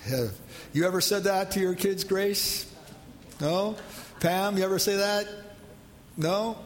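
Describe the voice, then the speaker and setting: Pastor, male, high voice, chatty sermon style, long hall reverb. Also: slow, slight background noise. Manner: conversational, asks the congregation questions.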